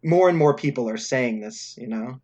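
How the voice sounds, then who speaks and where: A man's voice: mid-range voice, expressive, normal speed, a little mellow. A young man co-hosting a podcast, chatting casually about politics with lots of fillers and restarts. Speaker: podcast co-host.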